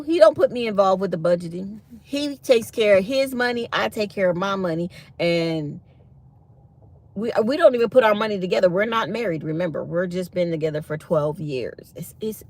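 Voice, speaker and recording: A middle-aged woman, hosting a live stream and chatting to viewers as she animatedly retells a conversation. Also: lowish voice. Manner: chatty, animated retelling of dialogue, reads chat aloud. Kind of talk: casual storytelling to viewers.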